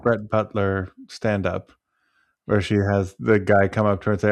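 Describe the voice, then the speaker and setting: A man hosting a podcast who chats casually, tells animated stories and jokes, and leads the segments. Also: lowish voice, normal speed, a little hiss or hum. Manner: animated storyteller, doing voices, joking. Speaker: podcast host. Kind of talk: casual chat.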